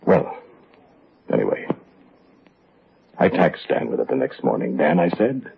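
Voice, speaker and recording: A fussy, courteous shopkeeper who narrates his tale straight to the listener. His voice is very deep and gravelly, and it rises and falls a lot. It comes through like a tinny old radio set, with music behind it. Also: very animated, a little slow, slight background noise, full character voice. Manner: fussy, polite, chatty with the listener. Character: fussy, kindly middle-aged shopkeeper telling his story. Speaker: narrator and shop owner. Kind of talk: 1940s radio acting.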